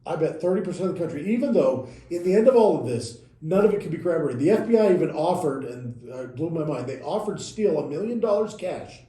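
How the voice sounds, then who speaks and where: Dark-voiced man explaining in a roomy space. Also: on the high side, animated, fast, few pauses. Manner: recounts events step by step, corrects himself mid-sentence. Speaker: podcast co-host. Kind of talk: casual explanatory chat. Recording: roomy echoey room.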